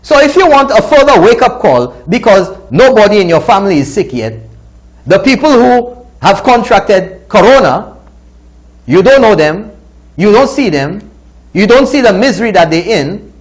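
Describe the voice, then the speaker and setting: A high-voiced man with a Saint Lucian accent hosts a commentary show. His delivery is indignant and scolding, with pitch swinging widely as he makes his points. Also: sing-song, moderate pace. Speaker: talk show host. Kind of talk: opinion commentary.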